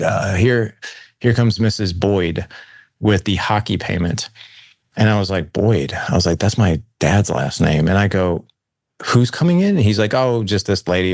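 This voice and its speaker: Middle-aged male guest, deep voice, candid storyteller, dry close recording. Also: vocal fry, no room sound. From St. Louis, USA. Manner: candid, conversational, acts out quoted dialogue. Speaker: podcast guest. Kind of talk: personal storytelling interview.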